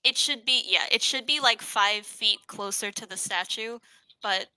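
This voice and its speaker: A woman's voice: a little high, unhurried, pushed and bright, no room sound, low-quality recording. A woman playing a tabletop game, talking through her turn with hesitant restarts while she measures on the map. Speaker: player. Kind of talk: casual tabletop game chat.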